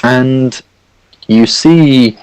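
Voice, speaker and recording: A man's voice: mid-range voice, extremely slow, a little mellow, clean tone, no echo, low-quality recording. A man narrating a tabletop game as game master, rambling with lots of fillers.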